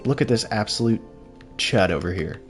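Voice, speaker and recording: Young male streamer, loose rambling delivery, low-set voice, light music under. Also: lively intonation, moderate pace. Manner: rambling, laid-back, reads chat aloud. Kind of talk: casual live-stream chat while gaming.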